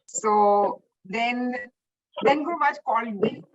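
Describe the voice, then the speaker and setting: A woman with a fairly high voice telling personal memories in a chatty, animated way. The audio is a bit muffled, as if it comes over an online call. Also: unhurried. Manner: chatty and animated, with frequent restarts and laughter. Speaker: guest remembering her spiritual teacher. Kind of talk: casual spoken reminiscence.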